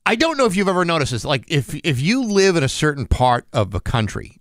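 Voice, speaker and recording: A man hosting a radio morning show, chatting casually and joking dryly, reading the weather with filler pauses into a studio microphone. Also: on the high side, sing-song, a bit bright, no echo. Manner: dry joking, reads the forecast with filler pauses.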